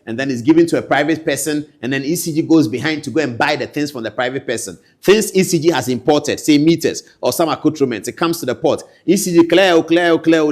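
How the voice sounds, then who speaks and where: A man with a Ghanaian accent giving political commentary, animated and swinging between loud outbursts and low asides.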